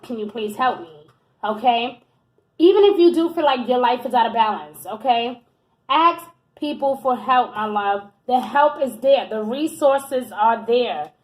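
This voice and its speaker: A woman with a high, light voice reads tarot cards for her viewers. She talks in an affectionate, encouraging way and keeps checking in with "okay?" and "my love.". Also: low-quality recording. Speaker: tarot reader. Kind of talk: tarot reading monologue to camera.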